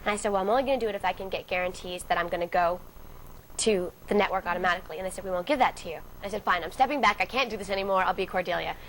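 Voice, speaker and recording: Fast-talking woman telling a story. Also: medium pitch, a bit bright, a little hiss or hum, rough recording. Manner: acts out quoted dialogue vividly. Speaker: actress interviewee. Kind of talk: casual storytelling interview.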